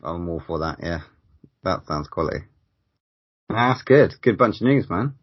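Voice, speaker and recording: A podcast co-host chats casually in a husky voice whose pitch swings a lot. He keeps things laid-back with short reactions. The sound is dry and a little dull. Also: lively intonation, unhurried, no echo.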